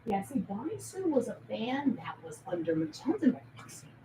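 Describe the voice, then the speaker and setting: A woman on a rambling livestream rant, swinging erratically from mutters to shouted, sing-song accusations full of swearing. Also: a little high, big pitch swings, normal speed, recorded from a distance, noisy background. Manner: profane and accusatory. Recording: echoey room, voice off-mic.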